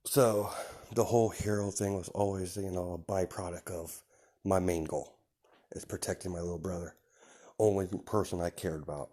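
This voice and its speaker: A man's voice: low voice, steady tone, moderate pace, mellow. A man improvising a fan story, rambling with many fillers and restarts.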